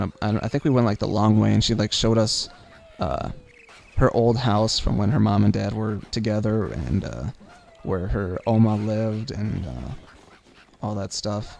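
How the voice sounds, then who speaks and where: A young man tells a long personal story in a loose, rambling way, full of fillers and little laughs. His voice sits a bit on the low side. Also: gravelly, darkish tone. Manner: rambling, many fillers, laughs while telling. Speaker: vlogger. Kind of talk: casual storytelling.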